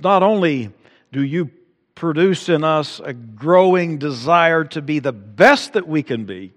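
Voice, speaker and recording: A man's voice: a little high, lively intonation, a little slow, long reverb tail. A male pastor preaching a sermon, building to emphatic peaks and acting out quotes.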